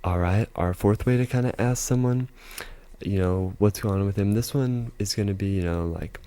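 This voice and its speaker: A man teaching a casual video lesson, explaining step by step with frequent fillers and slowly repeating example phrases. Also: on the low side, mellow, clean tone. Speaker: language teacher.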